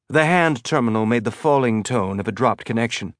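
A man reading an audiobook narration in a steady, even voice. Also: medium pitch, fairly quick, no room sound, studio quality.

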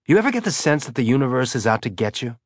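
A man's voice: medium pitch, sing-song, racing, no echo. A man voicing a weary ship's captain, dry and a bit exasperated.

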